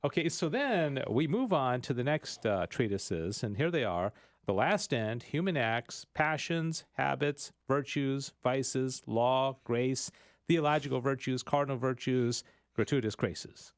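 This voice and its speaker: Animated male radio host. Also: mid-range voice, a little slow, no echo, studio quality. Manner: animated, rambling explainer. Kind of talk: casual teaching chat. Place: radio studio.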